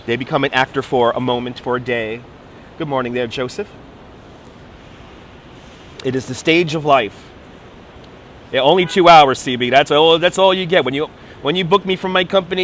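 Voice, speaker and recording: Outdoors in a city park, a man livestreams as a tour guide, holding his phone and chatting playfully, sometimes slipping into put-on accents. His fairly high, fairly bright voice keeps a steady tone at a moderate pace with long pauses, over a little hiss or hum.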